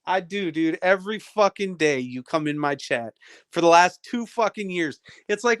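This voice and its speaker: Profane ranting man, high voice. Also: moderate pace, a bit bright, clear, resonant tone, no echo, studio quality. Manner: profane, combative, taunting a viewer. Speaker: livestreamer. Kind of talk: ranting livestream chat.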